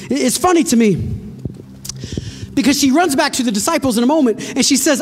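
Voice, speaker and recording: A woman's voice: high voice, expressive, normal speed, long pauses, faint music behind. A woman preaching a sermon to her congregation, retelling a story dramatically with rhetorical questions and direct address.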